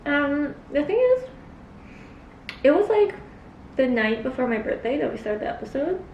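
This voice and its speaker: Between mouthfuls, this cosplay vlogger chats loosely in a mukbang, wandering from thought to thought with plenty of filler. She's a young woman with a high, creaky voice that swings widely in pitch at a moderate pace. The recording sounds muffled and roomy, with a far-off mic and light hiss.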